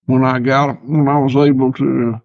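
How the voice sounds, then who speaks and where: An older Southern man talks in a gravelly, folksy drawl, circling back over his words before he lands them. The sound is muffled and lo-fi, with a dry, close feel and no room around it. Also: mid-range voice, flat delivery, no echo. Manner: folksy, unhurried, stammering restarts. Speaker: guest farmer. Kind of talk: casual podcast chat.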